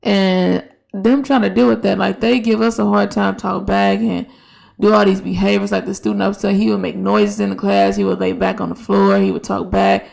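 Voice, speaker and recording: Gravelly, flat-voiced woman podcaster. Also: mid-range voice, moderate pace. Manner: conversational, with many restarts and quoted dialogue. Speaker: podcast host, elementary school teacher. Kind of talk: casual reflective monologue.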